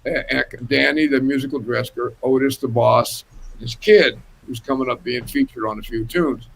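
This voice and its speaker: Rich: An older man with a gravelly, husky voice tells a story on a casual panel. His delivery is animated and full of laughter, and he speaks over a home video call. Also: medium pitch, normal speed, rough recording. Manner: animated, laughing anecdote teller. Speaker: guest musician.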